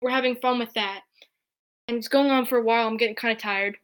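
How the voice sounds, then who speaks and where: A woman's voice: on the high side, steady tone, quick pace, smooth. A woman telling a personal story in a casual, chatty way, with many fillers. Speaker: podcast guest.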